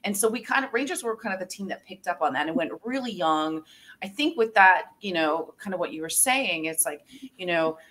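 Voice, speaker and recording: A woman's voice: lowish voice, expressive, a little fast, a bit bright. Chatty woman podcast co-host. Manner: chatty, interjecting with reactions. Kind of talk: casual chat.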